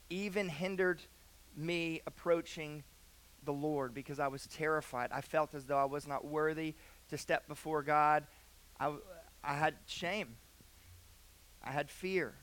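A young man preaching a sermon in a church, moving from a hushed prayer into earnest personal storytelling. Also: a little high. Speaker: pastor. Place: church sanctuary.

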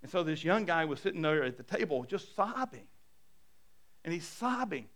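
A middle-aged male pastor preaching a conversational sermon. He often repeats his first words and drops to a hushed voice to stress a point. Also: fairly high pitch, sing-song, moderate pace.

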